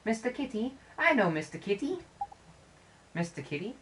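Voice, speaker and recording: A woman doing a high, eager little spirit girl. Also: sing-song, moderate pace, noisy background, close to an everyday voice. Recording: game music playing under the voice.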